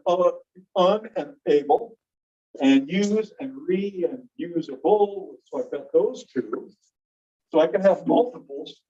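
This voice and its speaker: A fairly high-voiced man leads a classroom lecture, walking through each point in order and quizzing his students as he goes. He sounds distant and muffled, picked up by a phone set across the room. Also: dark tone. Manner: explains step by step, quizzes students. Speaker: teacher. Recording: dull phone recording from a distance.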